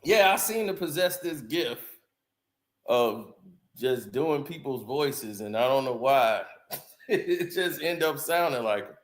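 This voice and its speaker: A man's voice: mid-range voice, animated, slow pace. Laid-back man laughing on a stream. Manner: laid-back, laughs often, talks to viewers directly. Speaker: live streamer. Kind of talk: casual chat. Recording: echoey room.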